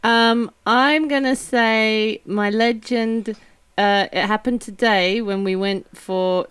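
A woman's voice: fairly low pitch, fairly bright tone, smooth, no room sound. A woman chatting as a podcast guest, telling stories in an easygoing, laughing way. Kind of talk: casual chat.

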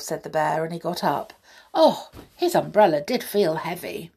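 Slow husky woman reading a story. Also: fairly low pitch. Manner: expressive, slow, with breathy whispered asides. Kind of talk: reading a children's story aloud.

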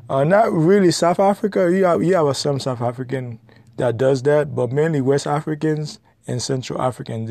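A man's voice: mid-range voice, mellow, dry recording, clean studio sound. A man giving blunt, lecturing advice in an opinionated monologue, repeating his points.

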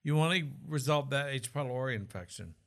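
A man's voice: mid-range voice, expressive, fairly quick, a bit bright. A man from Oklahoma talking casually about health as a co-host, explaining with asides and jokes. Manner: chatty, explanatory, jokes and restarts.

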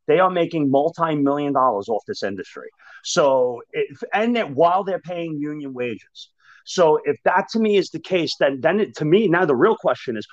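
A man speaking as a union manager and podcast guest, talking frankly and emphatically in an animated conversation. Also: on the high side, dry recording. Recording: dull lo-fi dry sound.

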